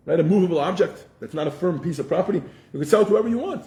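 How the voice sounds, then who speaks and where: Man, teacher, fast, slightly high voice, animated storytelling, roomy classroom echo. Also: vocal fry. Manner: animated storyteller, frequent restarts. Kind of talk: casual Torah class.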